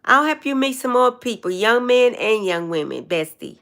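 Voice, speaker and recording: A woman's voice: fairly high pitch, animated, moderate pace, a bit bright. An older woman hosting a casual livestream chat, telling long meandering stories and greeting viewers. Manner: rambling, meandering storyteller. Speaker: livestream host.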